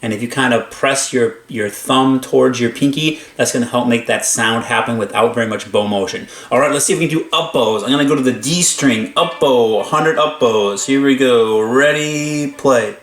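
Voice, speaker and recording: A man's voice: medium pitch, a little fast, hardly any pauses, a bit bright. A man teaching string bowing exercises, talking between demonstrations and counting aloud as he plays. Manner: upbeat, talks between playing, counts aloud. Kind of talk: instrument lesson demonstration. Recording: echoey room with violin playing. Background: violin playing.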